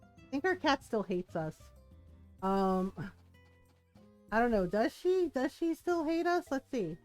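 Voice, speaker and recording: High-voiced and lively in her intonation, a woman chats while playing a video game on stream, speaking a little slowly. She rambles loosely and keeps breaking into giggles, with faint music in the background.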